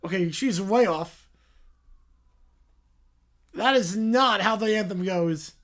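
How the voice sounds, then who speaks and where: A man's voice: sits high, slow, fairly bright tone. Chatty man hosting a livestream. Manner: chatty, reacting aloud and thanking donors. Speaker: livestream host. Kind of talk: casual livestream reaction commentary.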